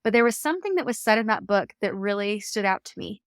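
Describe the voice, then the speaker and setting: A woman podcast host and coach giving calm, earnest, reflective advice in a solo talk. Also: mid-range voice, fast, clear, resonant tone, no echo, studio quality. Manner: calm, earnest, coaching tone with occasional light laughs.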